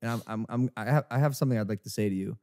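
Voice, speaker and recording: A man's voice: on the low side, very fast, warm tone. A young man in his twenties hosting a podcast, telling a story in casual chat with lots of restarts and fillers. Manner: rambling, many restarts and fillers. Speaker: podcast host.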